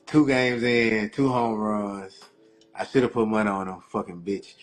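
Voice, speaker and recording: A man's voice: lowish voice, steady tone, a little slow, faint music behind. A man co-hosting a podcast, talking in a laid-back, slangy way and often repeating himself. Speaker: podcast co-host. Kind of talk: casual chat.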